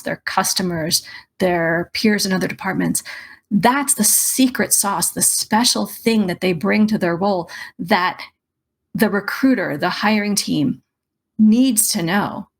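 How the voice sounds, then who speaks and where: A woman's voice: medium pitch, breathy edge. A woman career coach giving emphatic, persuasive advice in a podcast interview. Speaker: career coach and resume writer.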